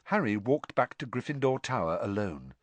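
A man reading a novel aloud in measured storytelling narration. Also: mid-range voice, sing-song, no echo. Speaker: audiobook narrator. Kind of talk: scripted narration.

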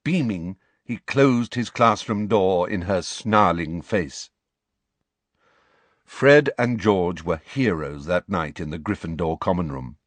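A man's voice: low-pitched, takes it slowly, dry recording. A man narrating a storybook audiobook expressively and voicing every character himself. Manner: expressive, plays all characters.

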